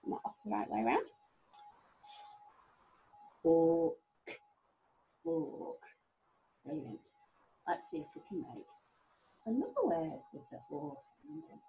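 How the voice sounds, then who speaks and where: A woman's voice: medium pitch, wildly swooping pitch, fairly quick, creaky, mellow, a little hiss or hum, low-quality recording. Sing-song teacher woman sounding out letters. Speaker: primary school teacher. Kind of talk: recorded phonics lesson for young children.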